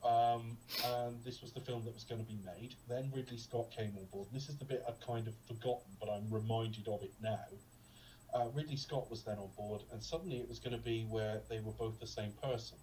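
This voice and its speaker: A man's voice: medium pitch, fairly even intonation, fairly quick, dark tone, far from the mic, a little hiss or hum, rough recording. Rambling man reviewing films. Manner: rambling, digressive, with frequent ums and asides. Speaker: podcast co-host. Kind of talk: casual film review chat.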